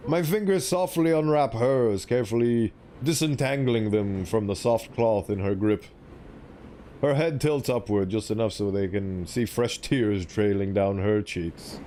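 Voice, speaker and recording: A man's voice: on the low side, a little slow, dark tone, slight background noise. A man streaming as a VTuber, reading a visual novel aloud expressively and breaking off for casual, swear-laced asides.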